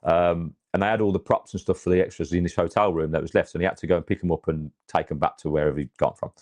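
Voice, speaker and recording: A man's voice: low-pitched, fairly even intonation, quick pace, darkish tone, no room sound. A man from England, chatting casually about his football club in a rambling way full of restarts and fillers. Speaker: podcast co-host. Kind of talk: casual football fan chat.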